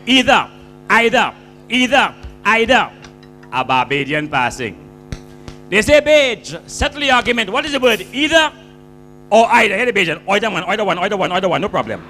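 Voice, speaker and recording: A man with a Grenadian accent telling comic stories in a stand-up monologue, with a lilting, animated delivery and drawn-out punchlines. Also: high-pitched. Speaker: comedian storyteller.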